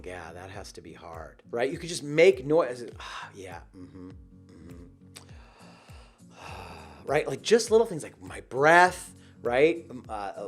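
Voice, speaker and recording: A man coaching on sales calls in an animated way, acting out short example dialogues. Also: on the high side. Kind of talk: direct-to-camera sales training.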